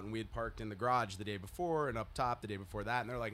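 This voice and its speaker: A man's voice: mid-range voice, quick pace. A man hosting a podcast, telling a story in casual chat and acting out the people in it. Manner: animated storytelling, acting out quotes. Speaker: podcast host.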